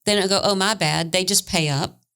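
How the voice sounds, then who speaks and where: A woman's voice: fairly low pitch, brisk, a bit bright, clear, resonant tone. A woman co-hosting a podcast, speaking in a passionate and reflective way. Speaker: podcast co-host. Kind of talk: casual conversation.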